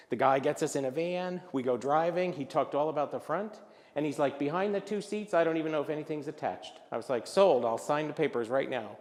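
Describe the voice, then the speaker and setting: An older man with a rather high voice gives a comic storytelling talk as a luncheon speaker, animatedly doing the voices of people in his funny stories. The event hall around him is big and echoey.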